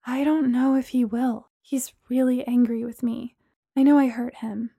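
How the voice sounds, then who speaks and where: A woman's voice: on the high side, fairly even intonation, moderate pace, creaky, mellow, husky, no room sound, clean studio sound. Woman reading as a tearful heartbroken young woman. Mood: sad.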